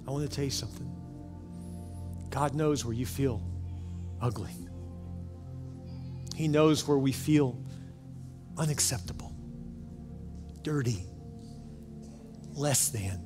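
A man preaching a sermon as pastor, telling a story earnestly and often dropping into soft, hushed passages. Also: medium pitch, slow, pauses often. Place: church sanctuary with several campuses. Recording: long reverb of a large hall with music behind.

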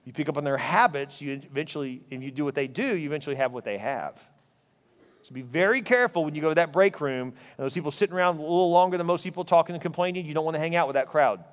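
A man preaching a sermon as pastor, telling stories in an animated way. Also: big-room sound. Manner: animated storytelling, voice rising high in anecdotes.

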